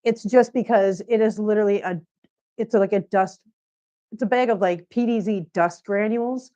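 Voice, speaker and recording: A woman's voice: medium pitch, moderate pace, dark tone. A woman chatting casually on a cat-care livestream, rambling and answering viewers while she cleans, a little out of breath. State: a bit out of breath. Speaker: cat channel vlogger.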